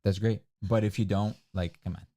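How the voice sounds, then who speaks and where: A man's voice: lowish voice, flat delivery, normal speed, dark tone. A man co-hosting a casual livestream, opinionated and ranting with frequent laughs. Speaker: livestream co-host.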